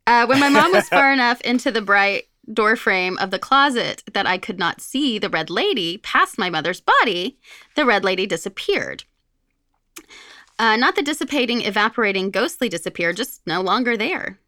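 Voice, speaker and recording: A woman's voice: mid-range voice, sing-song, normal speed, sharp tone, no room sound. A woman co-hosting a podcast, reading a listener's spooky story aloud and giggling as she chats. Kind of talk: casual chat and story reading.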